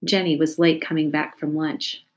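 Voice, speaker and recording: A woman calmly reading a children's chapter book aloud as narrator. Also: sits low, normal speed.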